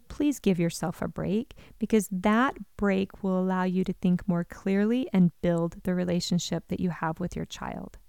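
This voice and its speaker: A woman in an advice talk for parents, earnest and encouraging as she speaks straight to the listener. Her voice is smooth and resonant, and it sits at an ordinary middle pitch. The sound is dry, with no room echo. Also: mellow. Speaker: parenting educator.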